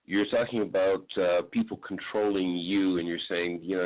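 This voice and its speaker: A man who is a guest on a talk show, explaining his view in a calm, chatty way. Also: low voice, moderate pace, hardly any pauses. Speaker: guest and blogger. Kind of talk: casual chat. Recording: tinny phone-like line.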